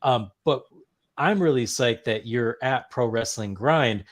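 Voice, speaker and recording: A man's voice: mid-range voice, a little slow. A male podcast host who asks long, rambling questions with a lot of enthusiasm. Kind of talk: casual interview chat.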